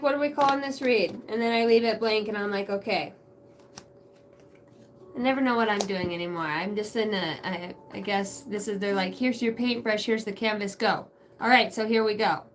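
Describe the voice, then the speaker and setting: A woman's voice: a little high, fairly bright tone, a little hiss or hum. A woman doing a casual live tarot reading from her backyard shed. She rambles, cracks crude jokes and laughs a lot. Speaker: tarot reader.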